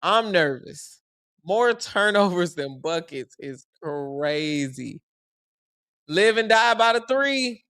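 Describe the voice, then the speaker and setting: A man's voice: sits high, slow, clean tone, dry recording, clean studio sound. A young man giving casual, joking live commentary on a basketball game. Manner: animated, joking, slangy and conversational. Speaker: sports commentary streamer.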